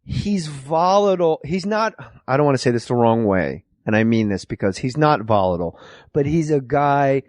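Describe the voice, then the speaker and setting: A man's voice: mid-range voice, normal speed, no echo, clean studio sound. A man hosting a podcast, telling a comic story full of swearing and acted-out voices. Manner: profane, animated, acts out voices. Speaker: podcast host.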